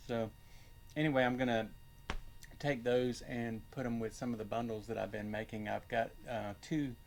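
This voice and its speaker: An older man talks loosely and warmly off the cuff, trailing into fillers as he hunts for words. His pitch sits in an ordinary middle range. A faint hum runs underneath. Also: steady tone. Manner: rambling, with many filler pauses. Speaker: channel host and reseller. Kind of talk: casual chat.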